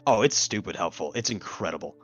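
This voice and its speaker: Laid-back low-voiced man, laughing guest. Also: animated, fast, soft background music. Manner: laughs often, swears casually. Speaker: guest voice actor. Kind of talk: casual podcast chat.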